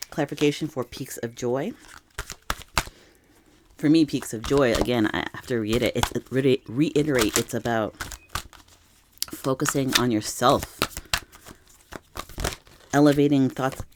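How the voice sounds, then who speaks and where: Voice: mid-range voice, noisy background. A tarot reader giving an intuitive reading to camera, speaking in an earnest, encouraging way to the viewer and often restarting or repeating phrases mid-thought. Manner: gentle, encouraging, talks to the viewer as "you".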